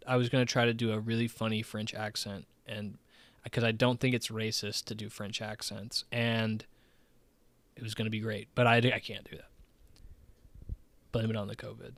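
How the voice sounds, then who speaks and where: A man's voice: lowish voice, level tone, normal speed, pauses often, a bit bright, dry recording. A man hosting a casual gaming podcast, rambling through the news with lots of "um" and "like". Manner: rambling, filler-heavy, many "um" and "like". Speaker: podcast host.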